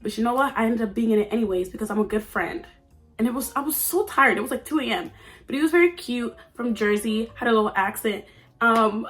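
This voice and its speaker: A woman's voice: a little high, brisk, music in the background. A nineteen-year-old woman vlogging at home in a chatty, playful, oversharing way. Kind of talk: casual chat. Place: at home under a ring light.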